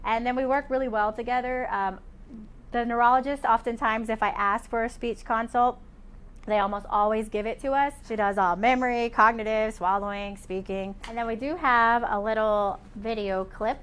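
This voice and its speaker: A woman's voice: a little high, fairly even intonation, moderate pace, a bit bright, clear, resonant tone. A woman physical therapist explaining patient care in a conversational way, with many fillers.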